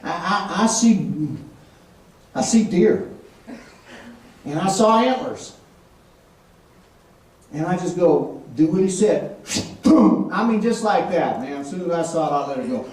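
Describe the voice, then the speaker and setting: A man preaching a sermon as an animated storyteller, acting out voices and laughing often. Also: high voice, measured pace, pauses often. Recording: echoey room from far off with faint noise.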